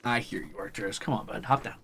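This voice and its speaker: A man's voice: medium pitch, fast, gravelly, fairly bright tone, a little hiss or hum. A young man streaming casually, coaxing and teasing his pets with a playful, casual cursing manner. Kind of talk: casual live stream chat.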